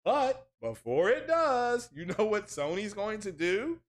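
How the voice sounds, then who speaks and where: Animated man ranting on a gaming livestream. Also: sits high, unhurried. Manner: animated, mocking, talks to chat. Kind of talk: casual livestream rant.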